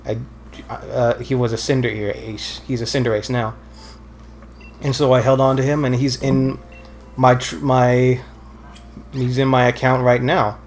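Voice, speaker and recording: A man's voice: medium pitch, little pitch movement, a little slow, pauses often, a little hiss or hum. A man casually commenting while playing a video game, rambling and correcting himself, with dry teasing jokes. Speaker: let's play co-host.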